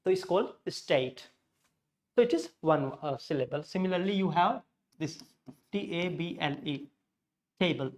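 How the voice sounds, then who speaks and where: A man's voice: fairly high pitch, lively intonation, moderate pace. A man teaching a pronunciation class, explaining step by step, dropping in Hindi glosses and correcting himself as he goes. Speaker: English teacher. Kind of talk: classroom lesson.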